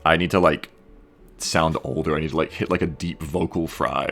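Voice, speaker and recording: This man talks fast in a gravelly bass voice over soft background music, streaming live as he codes a game mod. He reads chat messages out loud, curses freely, and jokes at his own expense in a relaxed way.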